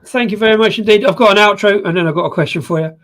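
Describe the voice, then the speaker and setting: A man's voice: high-pitched, rapid-fire, fairly bright tone. A man hosting a live beer review stream, chatting casually and joking, rambling with restarts. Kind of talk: casual chat.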